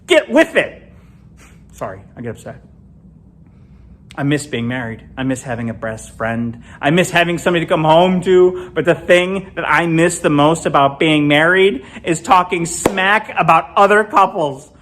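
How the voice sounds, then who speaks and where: Performing to no audience in an empty comedy club, a middle-aged man from Illinois keeps a normal speed. His stand-up is animated and punchy, and his pitch leaps around a lot.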